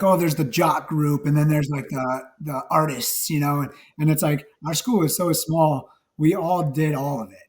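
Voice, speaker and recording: A man from Wisconsin with a low, slightly raspy voice, chatting casually as an interview guest and rambling through many restarts. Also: darkish tone, slight background noise. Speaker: guest actor and nurse.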